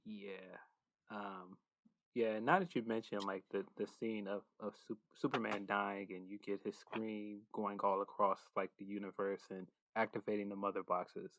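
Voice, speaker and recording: A man's voice: fairly low pitch, flat delivery, moderate pace, fairly bright tone, slight background noise, low-quality recording. A man co-hosting a podcast, agreeing with the others and stretching out his complaints about a film. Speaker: podcast co-host. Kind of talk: casual movie review chat.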